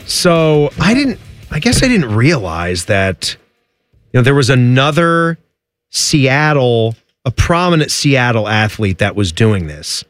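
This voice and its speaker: A man's voice: slow, soft background music. A man co-hosting a sports radio show in casual, joking chat. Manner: animated, jumps high in pitch when joking.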